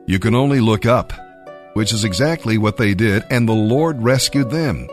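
A man preaching and reading scripture aloud, with expressive pacing that lingers on key phrases. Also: fairly low pitch, moderate pace, soft background music.

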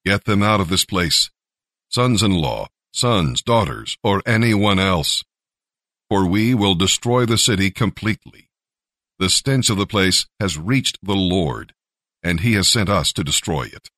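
A man's voice: deep voice, animated, measured pace, fairly bright tone, no echo, studio quality, full character voice. A man voicing stern male angels who issue urgent, commanding warnings.

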